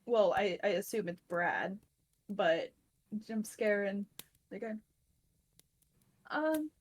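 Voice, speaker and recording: A woman's voice: mid-range voice, lively intonation, slow, rough recording. A woman playing in a tabletop role-playing game, talking hesitantly with lots of fillers. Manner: hesitant, many fillers and restarts. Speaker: player.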